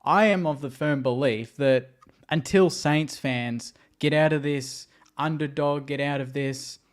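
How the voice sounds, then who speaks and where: A man's voice: on the high side, measured pace. A man speaking as a podcast guest in casual chat, earnest and peppering his talk with "like.". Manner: chatty, lots of "like" fillers, earnest.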